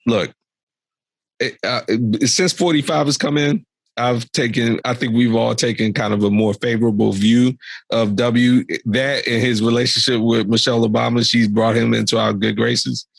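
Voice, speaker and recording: A man's voice: medium pitch, steady tone, moderate pace, creaky, dry recording. A young adult man co-hosting a podcast, ranting animatedly about politics in exasperated casual commentary. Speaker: podcast co-host.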